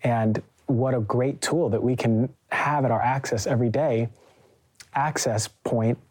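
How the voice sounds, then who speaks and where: A man's voice: mid-range voice, steady tone, measured pace, a little mellow. A young man hosting a podcast, telling a story animatedly with lots of fillers and acted-out quotes. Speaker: podcast host. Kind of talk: casual conversation.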